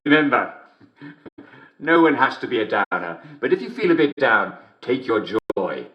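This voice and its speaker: A man's voice: medium pitch, very animated, normal speed, muffled recording, close to an everyday voice. An actor playing a jovial English radio show host in a game, chuckling constantly as he reads out jokes. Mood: cheerful. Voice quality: constant chuckling, theatrical cheer. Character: jovial radio show host, male middle-aged, relentlessly cheerful. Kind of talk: game character radio broadcast. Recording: game dialogue recording.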